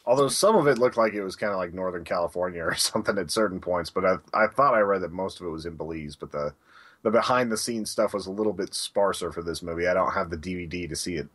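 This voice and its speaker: Chill guy with a lowish voice, dry jokes, laughs a lot on a podcast. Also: quick pace, a bit bright. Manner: laid-back, wry, laughs often. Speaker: podcast co-host. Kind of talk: casual chat.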